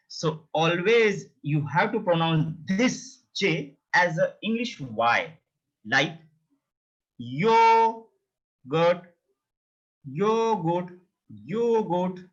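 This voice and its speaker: Slow, repetitive man teaching. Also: breathy edge. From India. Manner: slow, repeats each word several times, lively pitch jumps. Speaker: language teacher. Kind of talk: beginner language lesson. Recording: dull, lo-fi sound.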